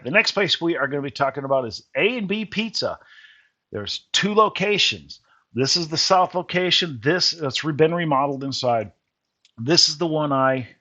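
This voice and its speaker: A middle-pitched man talks over his photos in an easy, rambling voice-over. He trails off and corrects himself as he goes. The recording sounds dull and a bit lo-fi. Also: a bit bright. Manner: rambling, folksy, self-correcting. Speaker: vlogger. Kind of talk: casual voice-over narration.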